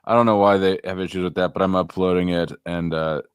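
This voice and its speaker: A man hosting a casual livestream chat, rambling and halting with many fillers. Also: low-pitched, fairly even intonation, smooth, no echo, studio quality. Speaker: stream host.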